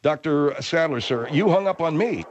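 A man's voice: on the high side, expressive, lo-fi sound, background noise. Exasperated man hosting comic talk radio. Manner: exasperated, halting. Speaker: radio show host.

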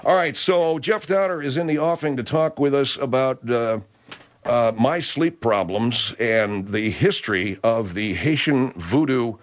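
A man hosting a comedy talk radio show, excitable and argumentative. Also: mid-range voice, measured pace, lo-fi sound.

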